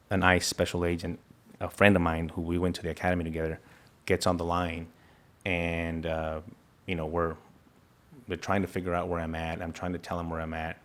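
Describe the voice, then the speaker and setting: Deep, flat-voiced man recounting an ordeal. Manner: earnest, halting retelling with restarts and quoted dialogue. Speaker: interview guest, federal agent. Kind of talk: personal account in an interview.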